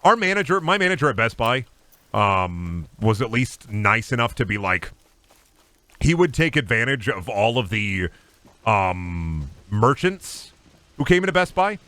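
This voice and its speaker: A man's voice: mid-range voice, big pitch swings, measured pace, bright, forceful tone, dry recording. A young adult man streaming a game, chatting in a rambling, profane, joking way. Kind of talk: casual livestream chat.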